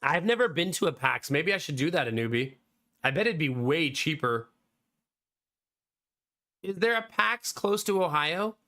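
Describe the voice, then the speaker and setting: Chatty streamer man, bright voice. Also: a little high, big pitch swings, moderate pace, pauses often. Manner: chatty, answering viewers by name. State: slightly hoarse. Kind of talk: casual live-stream chat. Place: home streaming room.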